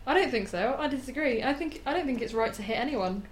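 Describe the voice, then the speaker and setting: A young woman co-hosting a casual comedic chat, giggly and quick to protest, turning earnest when she disagrees. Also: high voice, lively intonation, poor audio. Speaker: co-host.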